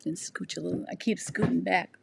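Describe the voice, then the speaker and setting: Amid background noise, a woman in her sixties speaks a little fast with a lowish, steady voice and vocal fry. Hosting a casual sewing livestream while losing her voice, she reads viewer comments and rambles, full of ums and restarts.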